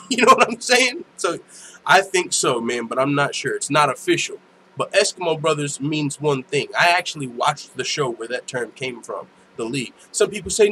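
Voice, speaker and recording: A young man riffs his way through a home live stream, casual and profane, laughing as he goes. His voice sits a touch high, and a faint hiss of background noise runs under him. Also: expressive, normal speed, bright, forceful tone, rough recording. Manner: loose, profane, laughs often. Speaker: host. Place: home room.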